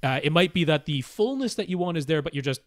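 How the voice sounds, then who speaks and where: A man co-hosting a casual podcast, explaining technical points in a measured way. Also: fairly high pitch, lively intonation, dry recording, clean studio sound. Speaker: podcast co-host.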